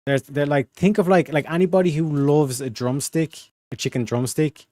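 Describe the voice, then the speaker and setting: A man's voice: fairly high pitch, steady tone, moderate pace, mellow, no room sound, studio quality. A young man hosting a livestream in casual, rambling chat, full of slang and "you know what I mean". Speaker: livestream host.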